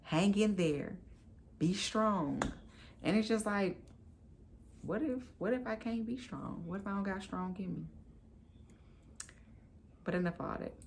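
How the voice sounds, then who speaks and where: A woman's voice: mid-range voice, steady tone, moderate pace, gravelly, pauses often, darkish tone, slight background noise. A woman in her thirties, a new mom telling her story to camera in a candid, chatty, emphatic way.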